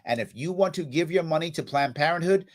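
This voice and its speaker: Man hosting a political reaction show, impassioned and scolding, high and very lively voice. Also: a little fast. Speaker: show host. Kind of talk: heated political commentary.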